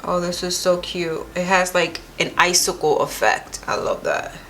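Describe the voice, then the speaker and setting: A woman's voice: lowish voice, expressive, normal speed, fairly bright tone, soft background music. A young woman vlogger narrating a makeup tutorial, gushing and enthusiastic as she applies products. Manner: gushing, enthusiastic, talks while applying makeup. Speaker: beauty vlogger.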